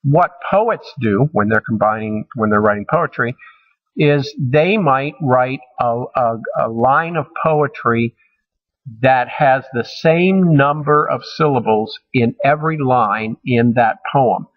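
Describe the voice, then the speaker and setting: A male college instructor talks through a recorded lecture at an unhurried, deliberate pace, mid-pitched and even. He pauses often with ums and restarts his sentences as he explains. The sound is dull and lo-fi. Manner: measured, halting with frequent ums and restarts.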